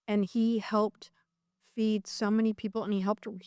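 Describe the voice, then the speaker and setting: A middle-aged woman talks in an easy, gushing, chatty way as a podcast guest. Her voice is smooth and clear, sitting at an average pitch for a woman. It is recorded dry and close, with no room sound. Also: level tone, moderate pace, mellow, no room sound. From Colombia. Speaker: immigration attorney, podcast guest. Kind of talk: casual interview chat.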